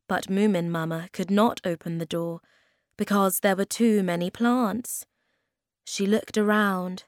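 A woman reading a children's story aloud at a slow, clear, even pace. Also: mid-range voice, no echo, studio quality.

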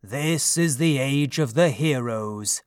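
A man's voice: medium pitch, takes it slowly, no room sound, studio quality, close to an everyday voice. A man voicing a commanding male king of the gods, speaking in a solemn, proclaiming way in a storybook reading. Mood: pleased.

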